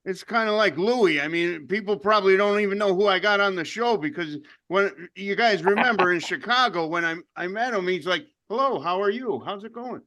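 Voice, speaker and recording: Laid back host guy, slightly high voice, easy chat. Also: a little fast, hardly any pauses, sharp tone. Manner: laid-back, laughs easily. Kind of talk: casual interview chat.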